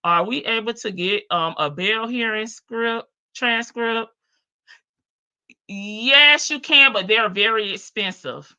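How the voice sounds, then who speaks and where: A woman's voice: a little high, smooth, dull audio. A woman with a Southern US accent, hosting a live stream and chatting casually as she reads viewer comments. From American South. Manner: chatty, animated, drawn-out Southern phrasing. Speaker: livestream host.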